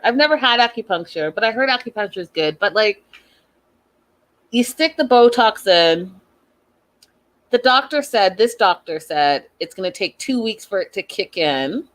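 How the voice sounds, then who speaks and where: Woman host, casual recap, chatty, opinionated, fairly high voice. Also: fairly bright tone. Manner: chatty, addresses viewers directly, lots of "like"; opinionated, thinks aloud.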